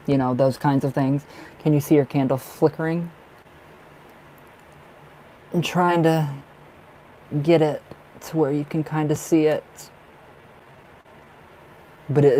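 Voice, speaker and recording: Young male tarot reader, chatty and rambling, warm low tone, light background hum. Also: rough recording. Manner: chatty, rambling, laughs often. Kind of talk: live stream reading.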